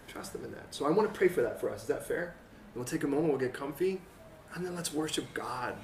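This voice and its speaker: A man preaching a conversational sermon as pastor, acting out quotes and building to excited peaks. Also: a little high, fast, slight background noise. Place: church hall. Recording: roomy church sound from a distant mic.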